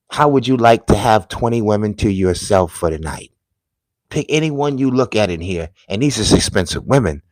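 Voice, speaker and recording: A man's voice: mid-range voice, dry recording, low-quality recording. A man from the United States giving a casual commentary monologue, telling rambling, emphatic stories.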